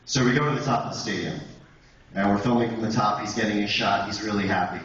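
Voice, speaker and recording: A man's voice: on the low side, quick pace, fairly bright tone. A young man and guest speaker telling a long rambling story to a college audience, full of fillers and restarts. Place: college auditorium. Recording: echoey hall, distant dull sound, faint noise.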